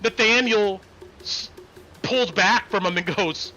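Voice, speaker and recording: A man's voice: high-pitched, slow, sharp tone. A man narrating as game master on a live stream, talking casually with fillers and restarts. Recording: dull lo-fi stream audio with faint music.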